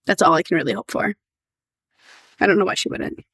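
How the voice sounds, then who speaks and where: A woman's voice: fairly low pitch, a little fast, fairly bright tone, husky, no echo, studio quality. A woman co-hosting a podcast in casual chat, upbeat and enthusiastic. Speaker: podcast co-host.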